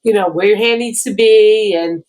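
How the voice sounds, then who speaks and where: A woman's voice: medium pitch, moderate pace, a little mellow. A woman talking casually on a podcast, gushing with many likes and repeated words. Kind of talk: casual chat.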